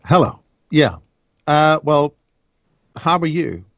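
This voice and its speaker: A man's voice: on the high side, sing-song, takes it slowly, no echo, muffled recording. A man who is a guest on a radio show, bantering with sarcasm and teasing the host. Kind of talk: casual radio chat.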